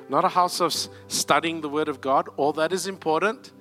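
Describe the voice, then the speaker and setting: A man's voice: on the high side, steady tone, normal speed, bright, forceful tone, soft background music. Conversational male guest preacher. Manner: conversational with asides and laughs. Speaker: pastor. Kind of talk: sermon. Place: church.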